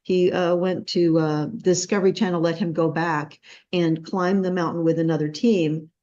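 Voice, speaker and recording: A woman hosting an interview tells a long anecdote and acts out every quote with big leaps in pitch. Her tone is dark and mellow. The recording is dull and lo-fi. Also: fairly even intonation, normal speed. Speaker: host. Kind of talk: storytelling in a casual interview.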